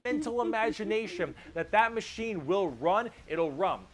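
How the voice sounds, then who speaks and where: A man's voice: high-pitched, animated, moderate pace. A man explaining lore casually, loose and jokey with offhand swearing. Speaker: lore explainer in a played video.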